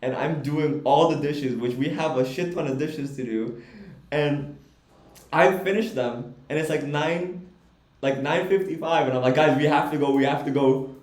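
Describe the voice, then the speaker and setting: Animated, profane young man telling a story. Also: a little high, normal speed. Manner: animated, profane, laughs while telling stories. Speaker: podcast co-host. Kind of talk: casual storytelling chat. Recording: echoey room.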